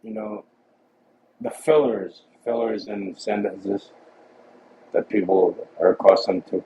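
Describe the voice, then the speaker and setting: A man's voice: on the low side, animated, slow pace, gravelly, background noise. A man chatting casually, joking and swearing in loose banter. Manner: swearing, joking, laid-back. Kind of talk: casual chat. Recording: dull lo-fi mic.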